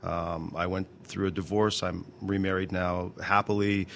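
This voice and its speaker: This interview guest, an actor and songwriter in his fifties, has a low, level, creaky voice. He talks openly but haltingly, with many restarts and repeated words, over slight background noise.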